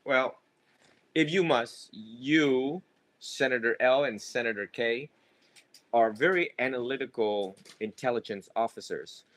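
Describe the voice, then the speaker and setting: A man's voice: mid-range voice, measured pace, a bit bright. A man teaching students in a loose, joking way, rambling and laughing as he goes. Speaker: monk teacher. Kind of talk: casual teaching talk.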